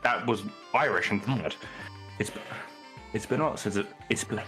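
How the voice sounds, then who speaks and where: A man's voice: lowish voice, normal speed, sharp tone, faint music behind. A man guesting on a game stream, easygoing and giving short agreeing replies. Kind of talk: casual gameplay chat.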